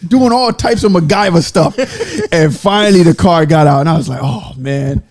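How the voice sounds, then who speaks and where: A man's voice: high voice, lively intonation, a little fast, a little mellow. A man hosting a casual podcast chat, telling stories and laughing often. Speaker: podcast host.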